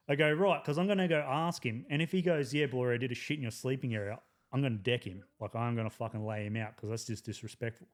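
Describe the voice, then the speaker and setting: An Australian man tells an old army yarn in casual podcast chat. His voice sits at an ordinary middle pitch, and he swears constantly and laughs often as he tells the story. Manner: profane, animated storytelling with laughs. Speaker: podcast guest.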